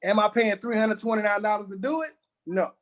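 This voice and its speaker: A man's voice: high-pitched, a little fast. A man, co-hosting a casual review show and making blunt, slangy, laid-back remarks. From Louisiana. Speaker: co-host.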